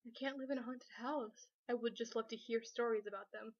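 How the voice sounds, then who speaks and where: A woman's voice: fairly high pitch, steady tone, brisk, lo-fi sound. A young woman from Southern California chatting to camera in her bedroom, rambling with many fillers. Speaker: vlogger. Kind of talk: casual chat to camera. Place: bedroom at home.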